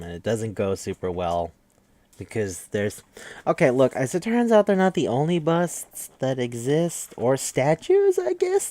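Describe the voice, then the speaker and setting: A man's voice: on the low side, a little mellow, no echo. A man hosting a podcast, giving a casual, rambling, profane recap of an anime with wry asides. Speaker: podcast host.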